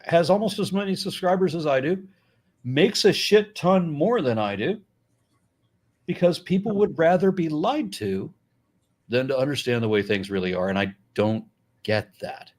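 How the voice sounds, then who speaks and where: A middle-aged American man talking casually as a guest, blunt and profane, animated, with frequent restarts. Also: fairly high pitch, moderate pace. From United States. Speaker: YouTuber and guest. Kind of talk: casual conversation.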